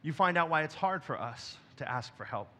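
A man, a pastor, preaching a sermon from a church stage, moving between quiet, intimate passages and loud, emphatic ones. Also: fairly high pitch, expressive, normal speed.

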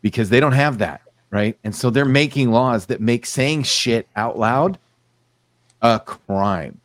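A man's voice: medium pitch, slow pace, dry recording. A man hosting a casual podcast, reading news aloud with a sardonic edge. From United States. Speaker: podcast host.

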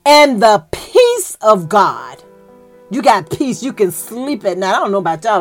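A woman preaching a sermon in a fervent, emotional way, with folksy church talk and excited peaks. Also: medium pitch, unhurried, faint music behind.

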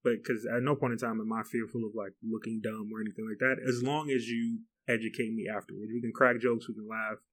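A man's voice: on the low side, little pitch movement, fast, hardly any pauses, fairly bright tone. Man chatting loosely on a podcast. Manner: loose, says "like" a lot, laughs often. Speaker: podcast co-host. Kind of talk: casual chat.

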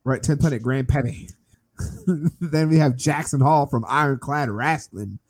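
A man with a husky, breathy voice co-hosts a podcast. He keeps it casual and joking, and reads out a list of names. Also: medium pitch, a little slow. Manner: laughs easily, reads out names. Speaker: podcast co-host. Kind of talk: casual chat.

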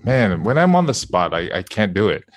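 A man, a video game actor, chatting as an interview guest, relaxed and laughing often, with hesitant fillers. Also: fairly low pitch, normal speed, no echo. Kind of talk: casual interview chat.

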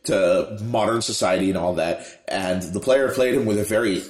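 A man with a fairly low voice talks casually about his tabletop games, telling stories with frequent restarts. The sound has a roomy echo. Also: normal speed. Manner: storytelling, with restarts. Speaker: podcast co-host and tabletop player. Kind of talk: casual chat.

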